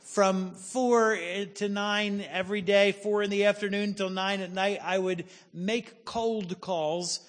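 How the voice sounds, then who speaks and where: A man in his forties, a pastor preaching a sermon, telling a personal story with humor and slowing down for emphasis. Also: high-pitched, fairly even intonation, in a large hall. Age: 40s.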